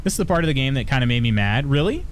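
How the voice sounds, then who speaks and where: A man's voice: medium pitch, very animated, rapid-fire, slight background noise. A man live-streaming a video game, chatting casually with his viewers and chuckling often. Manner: chatty, reads chat aloud, frequent chuckles. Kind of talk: casual live-stream chat while gaming.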